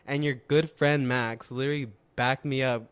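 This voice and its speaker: A man on a casual podcast, telling a story in a lively, profane rush. His voice sits at an ordinary middle pitch, and he swears constantly as he tells it. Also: normal speed, smooth. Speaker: podcast co-host.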